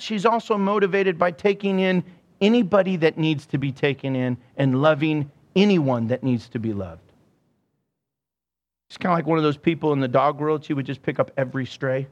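A middle-aged man preaching in a church, his voice sitting high for a man. He tells stories with animated energy, acting out quotes and laughing along the way. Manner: animated storytelling, acts out quotes and laughs often. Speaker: pastor. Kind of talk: sermon.

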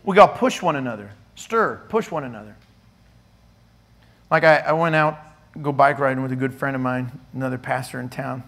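A middle-aged male pastor preaching a sermon in a church, animated and teasing, playfully scolding his listeners. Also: medium pitch, fairly quick, vocal fry.

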